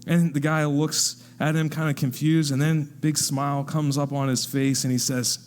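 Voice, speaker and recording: A man preaching a sermon, telling a story and acting out the people in it with lively narration. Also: fairly high pitch, normal speed, hardly any pauses, big-room sound. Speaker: pastor. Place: church hall.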